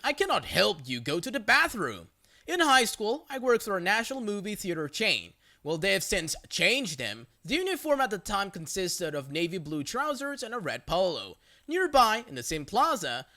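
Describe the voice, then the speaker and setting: A story narrator reading online stories aloud in an expressive way, adding brief sarcastic asides. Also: mid-range voice.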